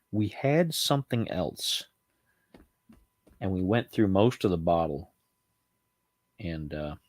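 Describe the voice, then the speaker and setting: Deep-voiced man rambling through a review. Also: dry recording. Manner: rambling, frequent ums and self-corrections. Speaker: channel host reviewing cognac. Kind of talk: casual spirits review vlog. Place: at home.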